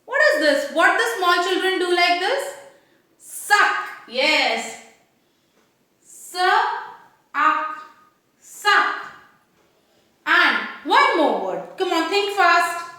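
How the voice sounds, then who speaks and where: A woman's voice: very high voice, sing-song, extremely slow, long pauses, bright, forceful tone. A woman teacher with an Indian English accent, patiently sounding out rhyming words and asking young children questions in a phonics lesson. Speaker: kindergarten teacher. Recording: very echoey room.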